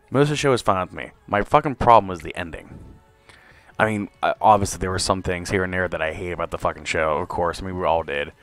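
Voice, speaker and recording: Young male streamer, very low voice, profane angry rant, dry close mic with faint music underneath. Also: a bit bright, no room sound. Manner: angry profane ranting, frequent cursing. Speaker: wrestling podcast host. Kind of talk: live stream review rant.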